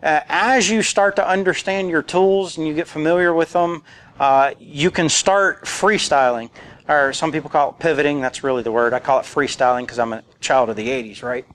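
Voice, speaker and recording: A man's voice: fairly high pitch, normal speed, a bit bright. Joking man giving a conference talk. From rural area. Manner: casual, joking, quotes movie lines. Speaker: conference speaker. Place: conference room.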